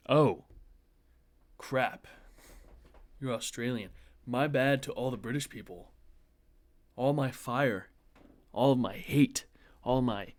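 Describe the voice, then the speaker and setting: The host, a young American man with a lowish voice and no room sound, reads an internet post aloud. He keeps breaking in with sarcastic jabs, keeping the commentary casual.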